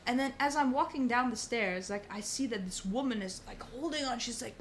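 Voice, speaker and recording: A young woman, a podcast guest, telling a story in casual chat, animated and swearing often. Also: sits high, fast, hardly any pauses, a little hiss or hum. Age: young adult. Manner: animated, swears a lot, says "bro" often.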